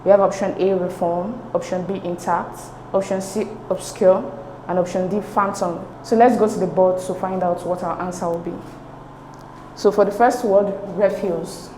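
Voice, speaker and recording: A woman tutor with a fairly low voice talks through exam answers patiently, one step at a time. The room around her is echoey, and a faint hiss sits under her speech. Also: steady tone, moderate pace, mellow. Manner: patient, step-by-step, checks with "okay?".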